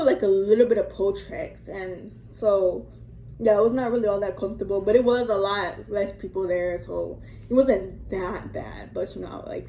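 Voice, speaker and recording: A woman's voice: medium pitch, mellow. A young woman telling a casual storytime vlog into her phone, rambling and chatty with lots of fillers and the odd curse word. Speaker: vlogger. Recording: echoey room, faint ambience.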